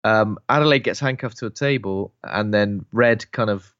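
A man's voice: lowish voice, normal speed, fairly bright tone, dry recording. Chatty man, dull lo-fi sound. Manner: chatty, retells plot with asides and swearing. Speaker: podcast co-host. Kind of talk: casual film review chat.

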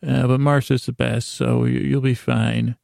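A man's voice: mid-range voice, little pitch movement, unhurried, vocal fry, darkish tone, no room sound, clean studio sound. A man voicing a cheeky, laid-back male ventriloquist dummy, told within a spoken story. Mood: easygoing. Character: sassy male ventriloquist dummy, top half only.

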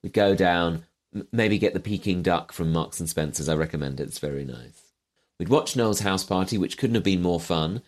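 Man, low voice, dry and wry, self-deprecating comedian, casual podcast chat. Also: moderate pace. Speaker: comedian guest.

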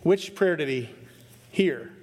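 A man preaching a sermon as pastor, animated and self-interrupting, jumping into sudden high bursts when acting out quotes. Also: slow pace, long reverb tail.

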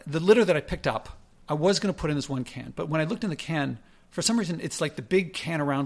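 Gravelly man telling a rambling story. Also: a little high. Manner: rambling, self-correcting, conversational. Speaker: blogger telling a personal story. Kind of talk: casual first-person storytelling.

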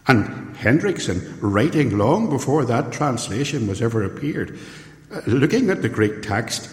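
A man preaching a sermon in an earnest, emphatic way, rising higher on his key points. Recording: echoey hall with long reverb.

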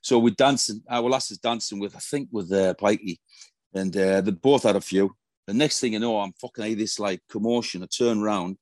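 A middle-aged former footballer tells profane anecdotes in a casual interview, swearing constantly as he spins his stories. His voice is lowish and darkish, a little fast, with no echo.

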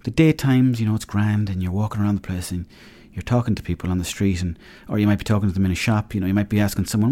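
A man's voice: fairly low pitch, racing, hardly any pauses, mellow. A man in his thirties with an Irish accent, hosting a solo podcast in a loose, joking, rambling way. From Ireland. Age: 30s. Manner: rambling, joking, acts out little dialogues. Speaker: podcast host. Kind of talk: casual solo podcast monologue.

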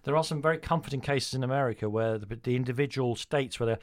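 Guy interviewing someone, talks fast, lots of ums, dry close sound. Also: mid-range voice, no echo. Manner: hesitant, many ums and restarts. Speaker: interviewer, radio host. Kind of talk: conversational interview.

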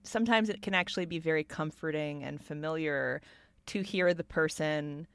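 A woman hosting an interview, asking questions in a measured, thoughtful way. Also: low voice, fairly bright tone, clean tone, no echo. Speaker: host.

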